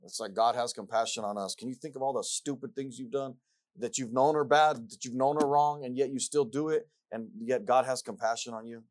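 A man preaching to his congregation in an earnest, heartfelt way. His voice sits at an ordinary middle pitch and he leans on repeated scripture phrases. He swings between soft reflection and loud, excited stretches. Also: a little fast. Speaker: pastor. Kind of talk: sermon.

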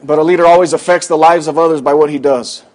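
A man's voice: a little high, fairly even intonation, fast talker, a little mellow. A man preaching a sermon, telling a personal story in a folksy, rambling way with many fillers, in a church. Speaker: pastor.

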